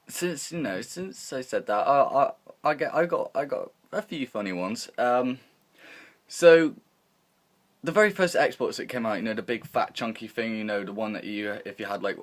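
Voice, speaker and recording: Young guy rambling through a story. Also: fairly low pitch. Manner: rambling, animated, swears freely, acts out quotes. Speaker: vlogger. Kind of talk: casual storytelling.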